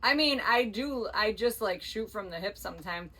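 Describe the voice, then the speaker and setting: A woman's voice: medium pitch, expressive, moderate pace, sharp tone, breathy edge. A woman co-hosting a podcast in casual chat, rambling and self-deprecating with jokes. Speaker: podcast co-host.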